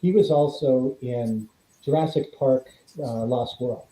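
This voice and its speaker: A man's voice: medium pitch, takes it slowly, echoey room, rough recording. A middle-aged man, a former stuntman, tells stories as a guest in an interview, acting out the quoted dialogue. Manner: animated anecdote-telling, acts out quoted dialogue. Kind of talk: storytelling in a podcast interview.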